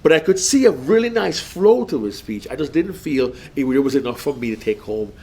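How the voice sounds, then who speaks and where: A man's voice: mid-range voice, very animated, a little fast, dark tone, slight background noise. Emphatic man coaching on speeches. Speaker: public speaking coach. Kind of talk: casual panel critique.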